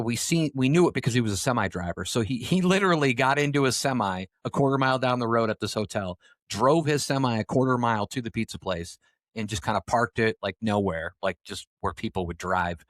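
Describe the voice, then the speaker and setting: A man's voice: mid-range voice, animated, brisk, no room sound, studio quality. A young adult man co-hosting a podcast, casually telling a rambling story with lots of fillers and the odd swear word. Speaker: podcast co-host.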